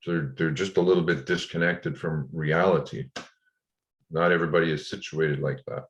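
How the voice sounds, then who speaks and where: A man telling of his ordeal in an interview, frustrated and indignant, with halting restarts. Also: a bass voice, steady tone, reverberant. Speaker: interview guest. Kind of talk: recounting a personal ordeal in an interview. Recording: dull lo-fi audio.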